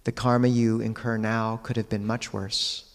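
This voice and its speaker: Gravelly low-voiced monk in a hall. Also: male voice. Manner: calm, measured storytelling with quiet pauses. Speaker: Buddhist monk teacher. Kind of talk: dharma talk.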